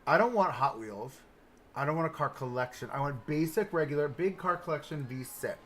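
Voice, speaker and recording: A man live-streaming a park-building game, chatting and thinking aloud as he browses and places items, swinging between excited outbursts and low mutters. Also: brisk, slight background noise. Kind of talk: casual live-stream commentary while building.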